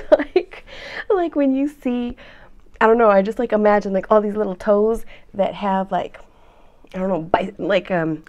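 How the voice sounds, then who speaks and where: A woman's voice: mid-range voice, creaky, a little mellow. A woman, hosting a vlog and chatting to viewers between giggles. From United States. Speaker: vlog host. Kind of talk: casual chat to camera.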